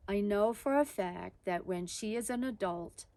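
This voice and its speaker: A loving grandmother who speaks gently and stands firm, as a woman retelling a memory puts her on. She stays quiet and steady. The sound is dry and close. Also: medium pitch, unhurried, no echo, lightly acted.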